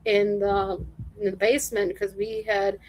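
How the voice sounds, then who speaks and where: A woman's voice: medium pitch, flat delivery, a little slow, darkish tone, poor audio. A woman from the American Midwest chatting as a guest on a live stream over a video call, laughing often and acting out quoted conversations. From Midwest US, born in Michigan. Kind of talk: casual chat on a live stream.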